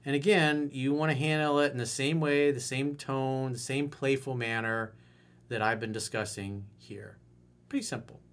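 A man's voice: medium pitch, steady tone, fairly bright tone. A man giving dating advice in a video coaching monologue, playful and acting out little bits of dialogue as he explains. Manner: playful, acts out dialogue in quick asides.

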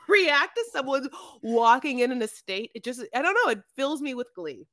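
A woman's voice: sits high, very animated, normal speed, fairly bright tone, no echo. A woman co-hosting a podcast, rambling through a recap with lots of fillers. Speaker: podcast co-host. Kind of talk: casual recap chat.

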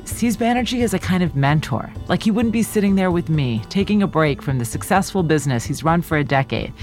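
A host delivering scripted documentary narration in a conversational, wry way. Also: mid-range voice.

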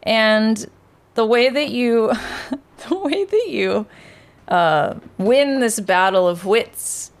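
A woman's voice: fairly high pitch, expressive, slow pace. A woman co-hosting a casual podcast, playful and jokey, swearing freely while telling stories. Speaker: podcast co-host. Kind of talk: casual chat.

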